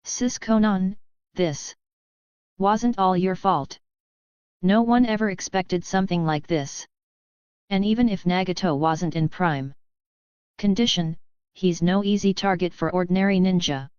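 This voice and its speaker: Senshi, a calm young ninja leader, read by a woman. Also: lowish voice, a little slow, pauses often, smooth, no echo, dull audio, natural voice. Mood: reassuring.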